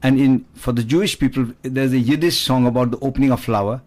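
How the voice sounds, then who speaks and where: Fast-talking man in his sixties, rambling. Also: mid-range voice, fairly even intonation, darkish tone. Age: 60s. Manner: expansive, digressive storyteller who demonstrates with his voice. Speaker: guest musician. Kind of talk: conversational radio chat.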